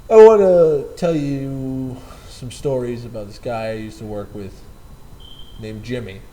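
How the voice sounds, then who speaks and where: A man's voice: medium pitch, unhurried, dark tone, a little hiss or hum, low-quality recording. A man casually telling rambling, profane anecdotes about a former coworker, often repeating and correcting himself. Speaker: storyteller.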